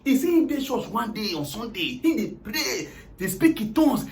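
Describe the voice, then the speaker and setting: A man with a Nigerian Pidgin accent, retelling a story comically in an animated, dramatic way. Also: very high-pitched, a little fast, creaky, few pauses.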